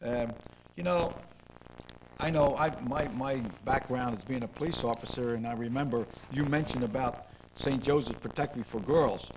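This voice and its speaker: An older man hosting a local interview show. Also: mid-range voice. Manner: rambling, repeats words, asks leading questions. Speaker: host. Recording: noisy 2002 local cable recording.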